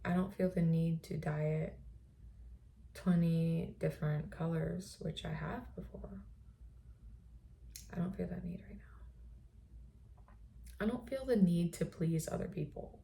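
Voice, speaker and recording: A woman host in a reflective personal monologue, speaking softly and often slipping into a breathy whisper. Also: on the low side, a little slow, long pauses, a little hiss or hum. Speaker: podcast host.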